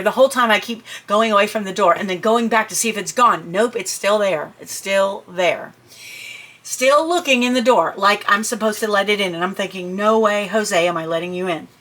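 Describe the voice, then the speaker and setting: A middle-aged woman telling a personal story in a chatty, animated way, with asides and fillers. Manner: animated, jumps high and shouts when quoting her own panic. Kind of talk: personal anecdote told to listeners.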